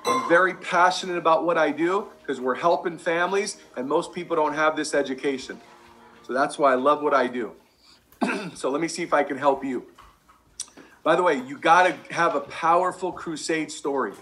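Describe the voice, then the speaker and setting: A man giving an energetic sales training talk over slides, emphatic and repeating his key lines. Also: a little high, moderate pace.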